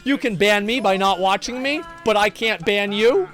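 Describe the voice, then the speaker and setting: A man's voice: high voice, normal speed, a bit bright, faint music behind. Sarcastic, cussing male streamer. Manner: profane, sarcastic, rambling with restarts. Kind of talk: casual livestream chat, reading chat messages.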